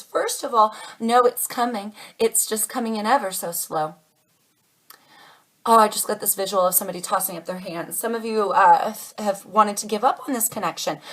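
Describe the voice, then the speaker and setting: A woman's voice: medium pitch, fairly bright tone, poor audio. A woman giving a casual tarot reading to camera, chatty and reassuring, calling her viewers darlings. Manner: chatty, calls viewers darlings, channels spirit messages. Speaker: tarot reader.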